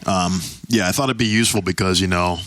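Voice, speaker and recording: Deep, bright-toned young man, dry sound. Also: a little hiss or hum. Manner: relaxed, wry, quick to laugh. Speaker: podcast co-host. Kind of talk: casual podcast chat.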